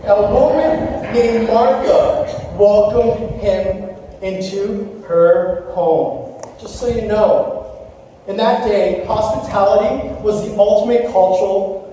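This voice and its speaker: High-voiced pastor in an echoey hall. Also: male voice, takes it slowly, distant mic, a little hiss or hum. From Canada. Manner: storytelling, animated asides to the congregation. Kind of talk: sermon. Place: church sanctuary.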